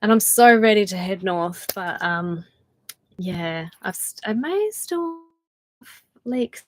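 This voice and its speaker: A tired woman with an Australian accent, chatting casually with viewers on a livestream, laughing often and trailing off into soft asides. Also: mid-range voice, lively intonation, slow, low-quality recording. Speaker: channel host doing a livestream. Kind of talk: casual live chat with viewers.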